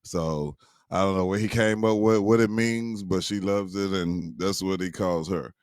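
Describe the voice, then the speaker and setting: A man's voice: deep voice, steady tone, moderate pace, no room sound, studio quality. An older man, a grandfather, telling teasing family stories in a casual, chuckling way and often calling out to listeners as y'all. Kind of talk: casual storytelling to viewers.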